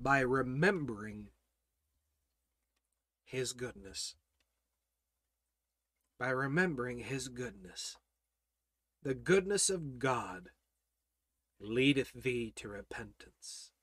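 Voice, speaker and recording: A man teaching a Bible study as a sermon, preaching with passion and swinging between loud declarations and hushed, prayerful passages. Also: mid-range voice, expressive, slow pace, pauses often, dry recording.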